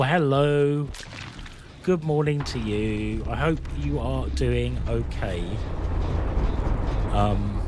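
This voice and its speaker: A man's voice: mid-range voice, background noise. A man chatting to his viewers while he streams a game, rambling and joking between rounds. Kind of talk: live gameplay commentary.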